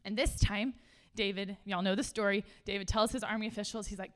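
A woman giving a casual, conversational sermon to a room of listeners. She is chatty and animated, laughs often, and says "like" a lot. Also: medium pitch, a little fast. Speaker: speaker at a church gathering.

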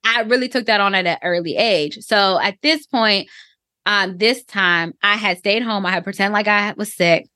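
A woman in her thirties telling a personal story on a podcast, reflective and halting, with many fillers. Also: mid-range voice, pushed and bright, no room sound, studio quality.

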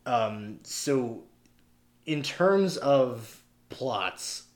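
A man in the middle of the usual pitch range co-hosts a relaxed film review chat. He wanders through his points with plenty of "um"s and "like"s and breaks into short laughs. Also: drawn-out words. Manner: rambling, lots of fillers and laughs. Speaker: podcast co-host.

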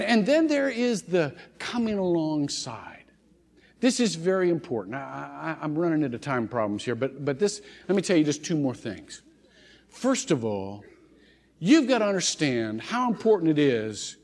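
Male pastor, sermon, animated storyteller; long church reverb. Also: on the high side. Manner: animated storytelling with frequent restarts. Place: church sanctuary.

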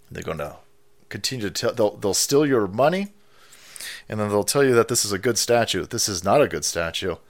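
A man ranting on his stream, foul-mouthed and mocking. His voice is bright and forceful, and his pitch swings widely as he talks. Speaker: streamer host.

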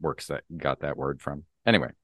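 A man's voice: rumbling low, fairly even intonation, brisk, fairly bright tone, no room sound, clean studio sound. A man co-hosting a podcast, offering trivia asides in casual chat and often trailing off into mumbles. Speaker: podcast co-host. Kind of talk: casual chat about comics.

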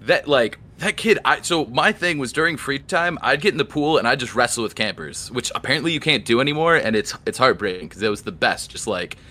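A young man co-hosting a podcast, telling stories in a casual, animated way and acting out the dialogue. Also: mid-range voice, fairly quick, hardly any pauses. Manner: animated storyteller, acts out dialogue. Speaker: podcast co-host. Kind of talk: casual chat.

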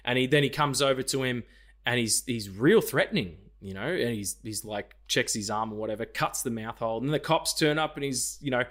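A man's voice: medium pitch, brisk. A man co-hosting a podcast, chatting casually about a film, acting out lines and swearing freely. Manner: animated retelling, acts out lines, swears freely. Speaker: podcast co-host.

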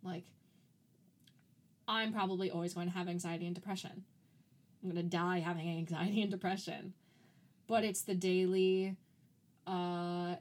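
A woman co-hosting a podcast in casual chat, talking loosely with lots of "like" fillers and easy laughs. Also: fairly low pitch. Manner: chatty, frequent "like" fillers, laughs easily. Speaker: podcast co-host.

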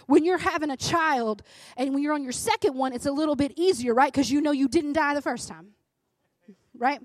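A woman's voice: high-pitched, dry recording. A woman in her thirties giving a conversational sermon, chatty and often asking "right?", then turning emphatic and fervent. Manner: emphatic, rises to fervent urging. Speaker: devotional speaker.

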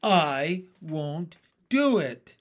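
A man voicing a fearful, whining blind male earthworm in a storybook, complaining loudly. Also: fairly high pitch, very animated, very slow, heavily acted. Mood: stubborn. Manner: whiny and complaining.

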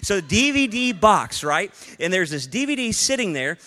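A man in his thirties preaching a sermon as a pastor, animated and acting out little dialogue bits. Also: sits high, normal speed.

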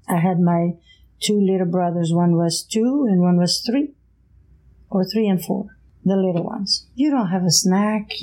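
A middle-aged woman from Portugal with a Portuguese accent, telling her life story as an interview guest in a lively, laughing way. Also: mid-range voice, rough recording. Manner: animated, laughs often, acts out voices. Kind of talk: casual storytelling.

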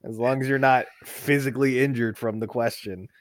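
A man's voice: mid-range voice, steady tone, moderate pace, no echo. A man co-hosting a casual podcast, throwing in wry, sarcastic remarks. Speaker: podcast co-host. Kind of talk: casual chat.

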